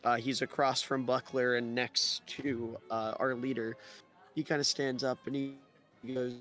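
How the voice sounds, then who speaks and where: A man's voice: mid-range voice, level tone, a little slow, a bit bright, soft background music. A man narrating a tabletop game as game master in a loose, casual way.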